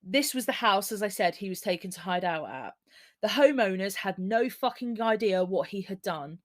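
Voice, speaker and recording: A woman hosting a true-crime podcast, chatting casually at a mid pitch. She talks bluntly and swears freely, breaking into laughter now and then. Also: animated, normal speed. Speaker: podcast host.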